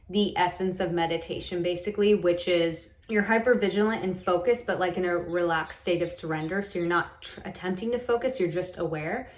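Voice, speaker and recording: A woman's voice: medium pitch, reverberant. A woman casually telling a personal story to camera, rambling, with lots of "like" and "um" and frequent restarts. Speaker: vlogger recounting a hypnosis session.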